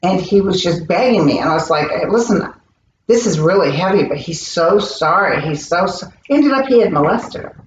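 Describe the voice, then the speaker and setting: A woman speaking as a psychic medium guest in an interview, telling stories in an earnest, animated way. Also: lowish voice, moderate pace, a little hiss or hum. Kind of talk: interview conversation. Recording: roomy, distant, dull recording.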